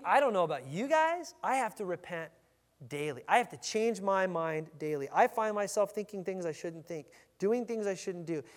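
In the ringing, long echo of a large church sanctuary, a male pastor with a bright-edged, high voice delivers a forceful, energetic sermon. He frequently restarts, circling back over his words.

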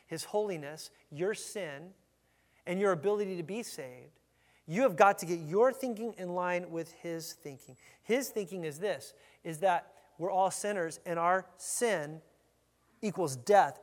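A male pastor with a high, bright-edged voice delivers an energetic, emphatic sermon, doubling back on his words as he goes. His voice rings with the long echo of a big church sanctuary. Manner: energetic, emphatic preaching with frequent restarts.

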